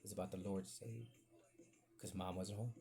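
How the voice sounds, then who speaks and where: A man's voice: deep voice, normal speed, creaky. A man hosting a podcast, telling a rambling childhood story in casual chat, acting out the people he quotes. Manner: rambling, animated, acts out voices in quotes. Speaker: podcast host.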